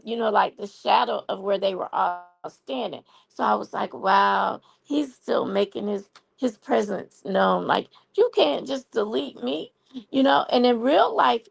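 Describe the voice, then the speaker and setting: A woman's voice: fairly high pitch, gravelly, slightly rough. A woman hosting a live stream, chatting casually about a TV show and saying y'all a lot. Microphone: phone.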